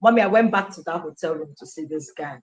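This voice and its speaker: A Nigerian woman telling her life story as an interview guest, an animated storyteller who acts out quoted dialogue and slips into Pidgin. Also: low-pitched, quick pace. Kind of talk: personal testimony in an interview.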